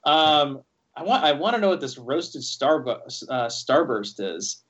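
A man's voice: mid-range voice, big pitch swings, a bit bright, breathy edge. A man co-hosting a casual podcast, teasing his friends and reading a list of snack hacks aloud with stumbles. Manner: joking, teasing, reads items haltingly. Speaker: podcast co-host. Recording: muffled lo-fi audio.

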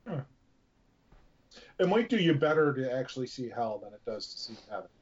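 A man's voice: medium pitch, very animated, a little fast. A man in a casual chat, blunt and wry, swearing now and then. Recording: dull lo-fi sound.

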